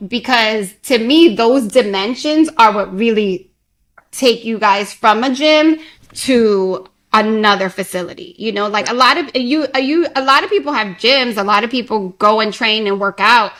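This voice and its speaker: Chatty connecticut woman hosting, kinda high voice, rambly questions, laughs a lot. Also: unhurried, fairly bright tone. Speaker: podcast host. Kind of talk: casual interview chat.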